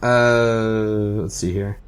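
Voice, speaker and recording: A man's voice: fairly low pitch, fairly even intonation, extremely slow, smooth. Rambling man recapping from notes. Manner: rambling, with many fillers and restarts and frequent chuckles. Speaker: podcast co-host.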